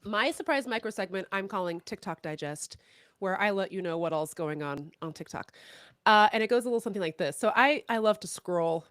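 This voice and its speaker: A woman co-host telling a story in casual chat, animated, laughing often and swearing freely. Her voice is bright and lively with big pitch swings. The sound is close and dry. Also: fairly quick, dry recording. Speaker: podcast co-host.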